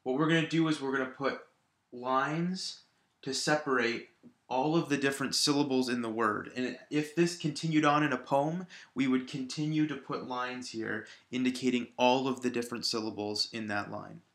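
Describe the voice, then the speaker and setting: Bright-voiced man teaching. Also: mid-range voice, moderate pace, echoey room. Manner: explains patiently, exaggerates syllable stress in examples. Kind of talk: recorded classroom lesson. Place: classroom at a whiteboard.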